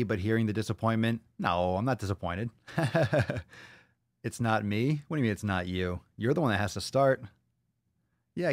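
A man's voice: fairly low pitch, no room sound, studio quality. A man hosting a live podcast, swearing and joking loosely while reacting to viewer comments. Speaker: podcast host. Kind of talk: live-stream podcast chat.

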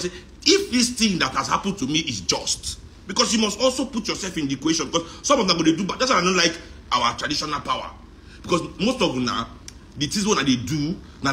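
A middle-aged Nigerian man with a Nigerian accent, talking in a joking, animated monologue that mixes in Pidgin and Yoruba. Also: a little high. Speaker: musician talking on a live stream. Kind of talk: casual monologue.

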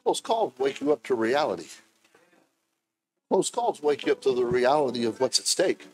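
A man in his fifties preaching a sermon, moving between low, chatty storytelling and loud, shouted preaching. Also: expressive, normal speed. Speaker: pastor.

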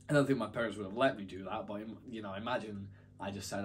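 A man's voice: lowish voice, fast talker, slight background noise. A young man telling a story to camera in a casual, rambling, self-deprecating way. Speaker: YouTuber.

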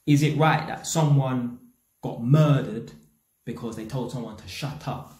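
A man's voice: mid-range voice, measured pace, echoey room. Blunt London man ranting in slang. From England. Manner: blunt, animated, heavy slang and swearing. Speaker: YouTube commentator. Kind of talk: casual opinion rant.

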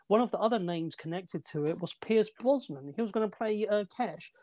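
A man's voice: sits high, lively intonation, moderate pace, dark tone. A man co-hosting a casual movie review chat, rambling through film trivia with restarts and fillers. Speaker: movie podcast co-host.

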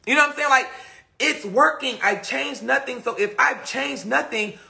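High gravelly man on a livestream. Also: normal speed, bright, forceful tone. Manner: rambling, profane and emphatic. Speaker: livestreamer answering viewer comments. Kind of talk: casual livestream chat.

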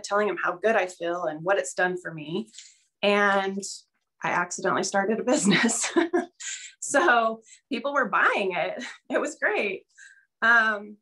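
A woman's voice: medium pitch, pushed and bright. Middle-aged woman, nervous candid storyteller, lots of ums, video call. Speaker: guest sharing her story. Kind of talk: casual video call testimonial.

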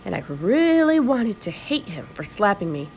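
A woman's voice: mid-range voice, normal speed, slight background noise. Woman reading a kids' novel aloud. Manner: expressive storytelling. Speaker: audiobook reader.

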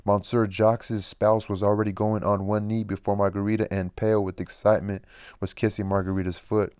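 Male reader of a classic novel, steady and even, deep and smooth, recorded dry. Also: a little fast, no room sound. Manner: plain steady reading with occasional slips and rereads. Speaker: audiobook reader. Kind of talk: reading a novel aloud.

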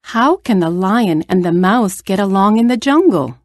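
A woman reading a children's story aloud in a clear, careful way. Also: medium pitch, expressive, normal speed, darkish tone, no room sound, studio quality. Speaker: story reader.

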